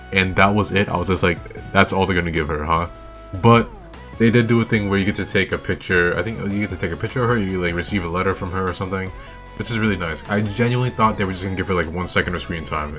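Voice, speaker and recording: A young man hosts a video in a low, fairly bright voice, giving enthusiastic, casual commentary. He swears a lot and repeats himself as he goes. Game music plays faintly in the background.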